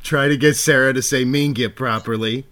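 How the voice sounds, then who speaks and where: Male podcast host, mid pitch, teasing, swears often, casual. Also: fairly even intonation, moderate pace, fairly bright tone.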